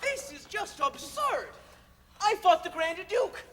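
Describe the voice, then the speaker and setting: Male actor as a brash, declamatory claimant; lively pitch, live-stage reverb and noise. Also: slow, full character voice. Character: bold upstart claimant to a dukedom, brash and cocky. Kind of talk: comic opera stage dialogue.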